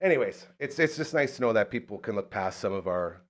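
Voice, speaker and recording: A man from Saskatchewan hosting a podcast, telling a story in casual chat and acting out quotes in a high excited voice. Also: quick pace. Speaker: podcast host.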